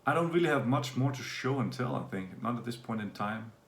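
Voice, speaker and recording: A man's voice: mid-range voice, a little fast, creaky, reverberant. A man from Denmark giving a casual, rambling video update to his viewers. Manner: relaxed, rambling, with fillers. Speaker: vlogger.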